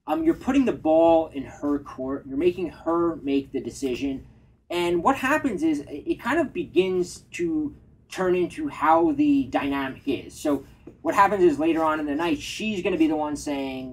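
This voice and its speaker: Husky soft-spoken man giving dating advice. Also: a little high, sing-song, moderate pace, rough recording. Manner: soft-spoken, self-described shy and introverted. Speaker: dating coach. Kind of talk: casual advice chat.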